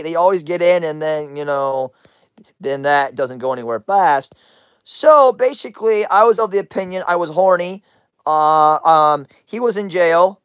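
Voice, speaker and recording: A woman's voice: lowish voice, clean tone, no echo, studio quality. A woman hosting a rambling livestream, crude and teasing as she answers her chat, often breaking into laughter. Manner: crude, teasing questions at chatters. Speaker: livestream host.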